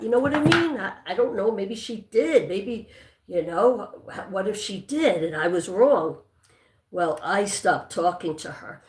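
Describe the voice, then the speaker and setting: A woman hosting a casual livestream, telling a personal story in a rambling way with many fillers and restarts. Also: mid-range voice. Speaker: livestream host. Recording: echoey room.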